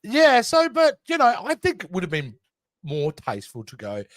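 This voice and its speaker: A man's voice: sits high, huge pitch swings, moderate pace, dry recording. A man co-hosting a casual film review chat, hesitant and full of restarts. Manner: chatty, hesitant, with many restarts. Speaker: podcast co-host.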